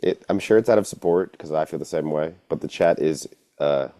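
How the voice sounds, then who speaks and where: Man, co-host, very low, dark tone, relaxed and teasing. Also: fairly quick, no echo. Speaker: podcast co-host reading chat. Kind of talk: casual sports chat.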